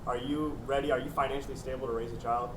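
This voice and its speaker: A man's voice: mid-range voice, little pitch movement, quick pace, noisy background. A man in the audience, answering earnestly and reasoning with the speaker. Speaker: audience member. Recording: distant voice over crowd.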